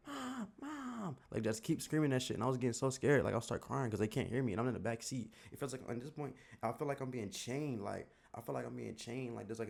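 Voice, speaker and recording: Rambling young man with a gravelly voice. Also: mid-range voice, darkish tone. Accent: Southern US. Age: young adult. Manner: rambling, slangy, lots of filler words. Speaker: YouTuber. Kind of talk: casual storytelling.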